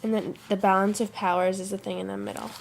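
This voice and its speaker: A woman's voice: medium pitch, little pitch movement, fast, creaky, a little hiss or hum. A teenage girl who is sick and congested, rambling to her webcam in her bedroom, chatty and easily sidetracked. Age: teens. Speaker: vlogger. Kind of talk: casual chat to camera.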